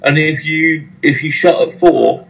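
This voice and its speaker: A man's voice: fairly high pitch, steady tone, a little slow, creaky, a bit bright, muffled recording, slight background noise. A male podcast host talking casually and wryly about running a site.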